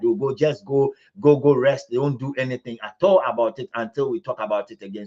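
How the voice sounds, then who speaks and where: A man's voice: medium pitch, darkish tone, muffled recording. A man with a Ghanaian accent hosting a live commentary stream, repeating himself and stumbling over restarts as he builds to indignant emphasis. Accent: Ghanaian English. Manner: repetitive, stammering restarts, rising to indignant emphasis. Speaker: livestream host.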